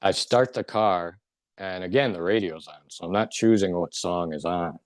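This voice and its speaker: Deep-voiced man telling an emotional story. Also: normal speed, no echo. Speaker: interview guest. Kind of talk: personal testimony.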